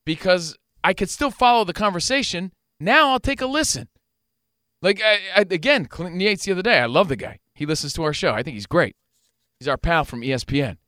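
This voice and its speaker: A lively, profane man hosting a talk show, his pitch swinging widely and his tone bright and clear. He argues his point with quick, animated energy. The mic is close and dry, with no room sound. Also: no room sound. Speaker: radio show host. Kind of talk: casual talk show banter.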